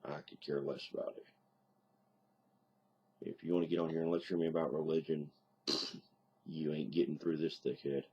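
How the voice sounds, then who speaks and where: A married man with a deep Southern accent, talking bluntly and casually to camera in a home video diary, plainspoken with mild cursing. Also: little pitch movement, moderate pace, pauses often, darkish tone, husky. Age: adult, married. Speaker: video diarist.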